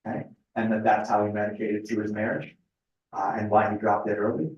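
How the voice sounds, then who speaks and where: A man's voice: lowish voice, little pitch movement, brisk, dull audio, a little hiss or hum. Middle-aged man giving an echoey retreat talk. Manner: conversational, thoughtful, with frequent fillers. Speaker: retreat speaker. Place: retreat house meeting room. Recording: echoey room, voice picked up from a distance.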